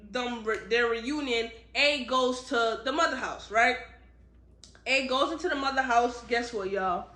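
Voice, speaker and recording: A young woman reviews a book in a relaxed, chatty way, retelling the story with lively slang and asides. Her voice sits a little high and sounds bright and forward. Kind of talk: casual book review chat.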